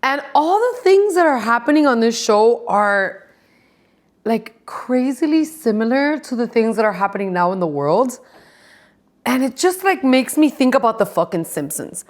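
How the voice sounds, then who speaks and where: A woman's voice: fairly high pitch, sing-song, normal speed. A woman hosting a podcast, chatting casually and gossiping about reality TV, swearing freely and laughing often. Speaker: podcast host.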